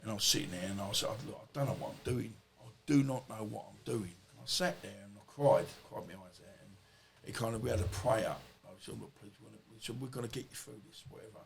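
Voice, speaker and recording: A man's voice: on the low side, quick pace, vocal fry, hardly any pauses. A man, a podcast guest, telling stories in a rambling, colloquial way and swearing freely. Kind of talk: casual storytelling interview.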